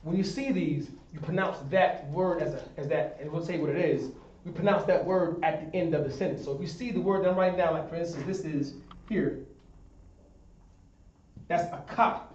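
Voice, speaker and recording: Male instructor, fairly high voice, patient stepwise explanations, recorded from across an echoey classroom. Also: moderate pace, darkish tone, a little hiss or hum. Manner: explains step by step, often asks "understand?". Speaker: teacher of a Hebrew class. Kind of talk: classroom teaching at a whiteboard. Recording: echoey room, distant dull sound.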